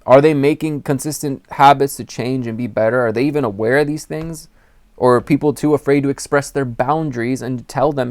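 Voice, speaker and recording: A man's voice: medium pitch, fairly even intonation, a little fast, a little mellow, no room sound, clean studio sound. A young man talking earnestly to camera, giving personal advice in a rambling way with acted-out quotes. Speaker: spiritual advice channel host. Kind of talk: candid personal talk to camera.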